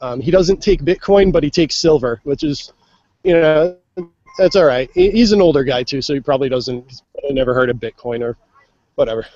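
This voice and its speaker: A man with a fairly high voice chats easily while walking around an outdoor festival, dropping "uh" and "um" often. The sound is dull and lo-fi, close and dry. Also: expressive, brisk, darkish tone, no room sound. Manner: easygoing, chatty, many fillers. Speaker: on-site reporter calling into a live show. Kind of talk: casual live walk-around report.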